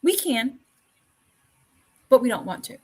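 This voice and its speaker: A woman's voice: a little high, very animated, a little slow, darkish tone, breathy edge, low-quality recording. A woman hosting a talk show, speaking earnestly with repeated phrases and many fillers. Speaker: podcast host. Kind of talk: conversational talk show chat.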